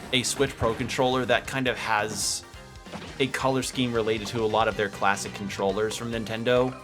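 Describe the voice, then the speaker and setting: A man's voice: fairly low pitch, fairly even intonation, moderate pace. A man streaming a video game, chatting casually and rambling, swearing now and then. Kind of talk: casual gameplay commentary. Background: game music.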